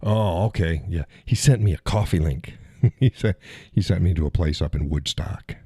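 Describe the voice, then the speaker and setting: Man host, very low and mellow voice, rambling casual livestream chat with frequent chuckles. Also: moderate pace, breathy edge, dry recording, clean studio sound. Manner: rambling, chuckles often, answers chat viewers. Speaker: live stream host.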